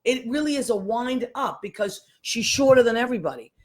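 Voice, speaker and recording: A woman's voice: on the high side, lively intonation, a little fast. A woman hosting a live show solo, chatting casually and greeting listeners one by one by name. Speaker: host.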